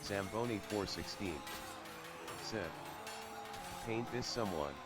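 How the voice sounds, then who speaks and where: Deep-voiced male co-caster over loud music. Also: slow pace. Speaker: co-commentator reading chat. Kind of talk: live esports co-commentary.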